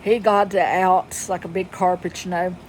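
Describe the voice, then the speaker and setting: A woman's voice: on the low side, level tone, normal speed, a little hiss or hum, low-quality recording. A woman telling a story in a folksy, chatty way, laughing often, then moving into reflective life advice. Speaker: vlogger. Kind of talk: casual storytelling monologue.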